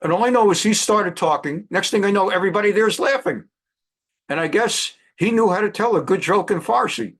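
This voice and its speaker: A man in his sixties, a rabbi hosting a weekly program, telling anecdotes in a chatty, animated way with frequent restarts. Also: sits high, brisk, creaky. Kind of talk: anecdotal monologue.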